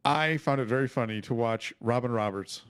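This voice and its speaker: A man's voice: mid-range voice, normal speed, clear, resonant tone. A man co-hosting a podcast, chatting casually with sarcastic, teasing banter. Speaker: podcast co-host.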